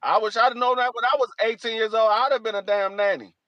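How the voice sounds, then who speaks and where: High-voiced storytelling man from D.C. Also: fast, muffled recording, heavy background noise. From Washington, D.C. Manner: animated storyteller, swearing, repeats himself. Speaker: podcast co-host. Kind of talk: casual chat.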